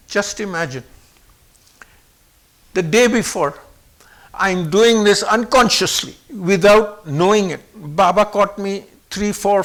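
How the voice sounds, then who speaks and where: This man, originally from Pakistan and now in his seventies, tells stories from his own life with real animation. He shifts his pitch and volume to act out what other people said.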